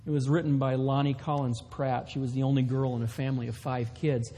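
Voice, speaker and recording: A man preaching a sermon as pastor, earnest, slowing down to stress key lines. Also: medium pitch, level tone, dark tone. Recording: long reverb of a large hall.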